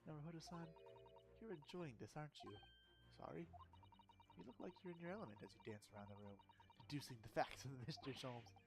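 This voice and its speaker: A man voicing a polite, gentle young woman legal assistant in a soft, courteous, formal way. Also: a little high, animated, a little fast, voice pushed up. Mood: teasing. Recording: game music playing behind.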